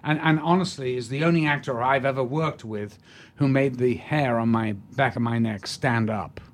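An older actor, an interview guest, telling leisurely anecdotes with restarts and laughter. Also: male voice, medium pitch, moderate pace. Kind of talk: storytelling in a podcast interview.

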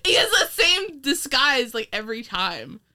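A woman's voice: high-pitched, big pitch swings, a little slow, bright, forceful tone. A woman from New York co-hosting a casual film-review podcast, rambling and laughing often, swearing casually. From New York state. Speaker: podcast co-host.

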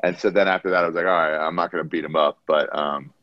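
A young man with a low voice tells profane stories in a loose podcast chat, jumping into higher voices to mimic the people he quotes. The recording is dry and close, with a dull, lo-fi tone. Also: steady tone, fast, no room sound. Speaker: comedian guest.

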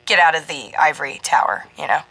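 A woman voicing a cautious, older-sounding woman scientist with a slightly hoarse voice and a faint American West Coast accent. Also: deep voice, fast talker, pushed and bright, rough recording. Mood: guarded.

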